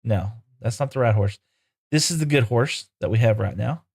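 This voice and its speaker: A man's voice: medium pitch, moderate pace, gravelly, darkish tone, husky. Chatty man streaming a game. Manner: chatty, talks to the animals in playful broken baby-talk; answers chat messages aloud while playing. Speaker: live streamer. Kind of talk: casual gameplay live stream.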